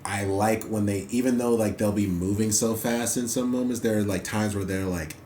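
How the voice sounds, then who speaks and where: A man's voice: fairly low pitch, steady tone, moderate pace, a little hiss or hum. A man hosting an anime reaction, chatting casually and rambling with lots of fillers. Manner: loose, rambling, heavy on fillers like "like" and "you know". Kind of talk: casual commentary while watching. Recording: roomy echo with loud soundtrack music behind.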